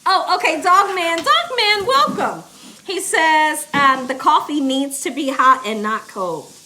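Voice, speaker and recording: A woman's voice: sits high, animated, a little slow, noisy background. A woman, chatting casually on a cooking livestream in her home kitchen, reading viewer comments aloud and laughing often. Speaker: cooking channel host.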